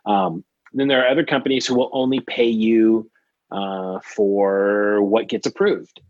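Guy guesting on a podcast, low husky voice, lots of ums and restarts, kinda muffled. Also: steady tone, unhurried, a little mellow, dry recording. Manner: rambling, many fillers and restarts. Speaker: guest, trading card artist. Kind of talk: casual podcast interview.

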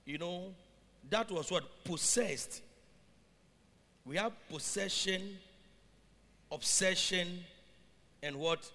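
A male preacher with a high, gravelly voice reads scripture and unpacks each verse. He keeps asking his listeners whether they follow. His bright voice rings out in a reverberant hall. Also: slow pace, long pauses. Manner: reads scripture aloud then explains it, with questions to the congregation. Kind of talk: sermon.

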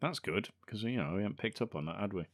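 A man's voice: fairly low pitch, lively intonation, fast talker, dry recording, studio quality. A man co-hosting a podcast, full of sarcastic, mocking banter about a film. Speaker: podcast co-host. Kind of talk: casual film chat.

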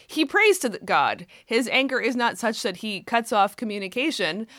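Young woman, bright voice, dry close sound, animated, laughing storyteller. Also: a little high, moderate pace, no echo. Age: young adult. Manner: animated retelling, laughing often, acts out quotes. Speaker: co-host. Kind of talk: casual chat about scripture.

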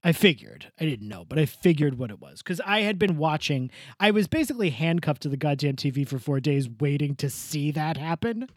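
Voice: mid-range voice, sing-song, fairly quick, hardly any pauses, no room sound, clean studio sound. A podcast co-host telling a story in casual chat, joking and swearing along the way. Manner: jokey storyteller, given to tangents and swearing.

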